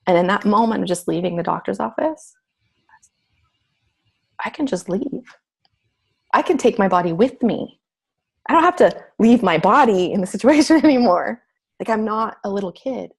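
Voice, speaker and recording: Husky gravelly woman telling a story. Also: medium pitch, moderate pace, long pauses. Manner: animated, acts out her own inner voice. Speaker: guest. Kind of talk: casual personal storytelling.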